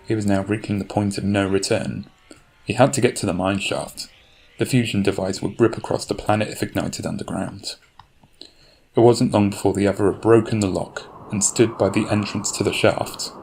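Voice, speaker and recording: A man narrating a fan audio drama in a measured, grave storytelling manner. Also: fairly low pitch, creaky, a little mellow.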